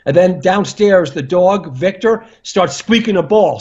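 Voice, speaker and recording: A man, a doctor, chatting casually as a guest expert, excitable and animated, often restarting his sentences. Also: high voice, measured pace, lo-fi sound. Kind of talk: casual chat.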